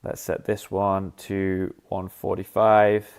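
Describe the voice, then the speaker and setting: Low-voiced man demoing an app. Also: completely flat delivery, takes it slowly, a little mellow, clean tone. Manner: thinks aloud while clicking, scats rhythms as "da da". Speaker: app developer demonstrating features. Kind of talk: casual live-stream software demo.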